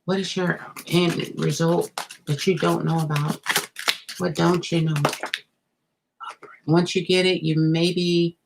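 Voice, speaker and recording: Here the tarot reader's low voice sounds creaky, and the poor audio has slight background noise. She talks straight to the viewer during her live reading, musing out loud and gasping or laughing expressively whenever a card appears.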